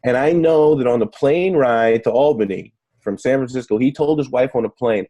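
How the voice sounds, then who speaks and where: Mellow-voiced man telling stories. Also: medium pitch, normal speed, hardly any pauses. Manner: chatty, many fillers and restarts. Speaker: negotiation trainer, guest. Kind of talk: casual interview storytelling.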